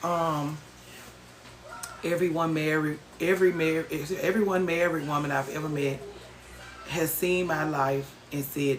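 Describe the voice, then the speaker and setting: Host, woman, a bit low-pitched. Loose, teasing livestream banter with a few curse words. Room echo. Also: moderate pace, faint music behind. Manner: animated, teasing, swears freely. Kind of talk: casual live chat reading viewer comments. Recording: roomy echo, faint background noise.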